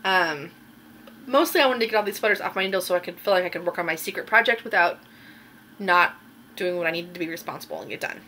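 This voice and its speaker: Hosting her knitting podcast, a woman shows off finished projects in casual, slightly rambling chat full of ums. Her voice sits on the low side and comes out fast, pushed and bright. There's a faint hiss or hum in the background.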